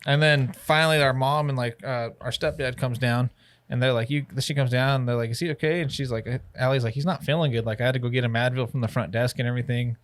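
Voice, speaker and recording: A man's voice: medium pitch, quick pace. Man telling a story casually, swearing a lot. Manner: profane, filler-heavy, animated retelling. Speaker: podcast co-host. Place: studio.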